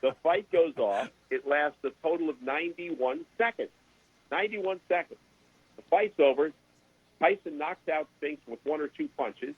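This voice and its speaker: An older man, a sports broadcaster and guest, telling animated stories in a casual interview and repeating words as he goes. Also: on the high side, moderate pace, husky, no echo. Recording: dry, tinny phone-like sound.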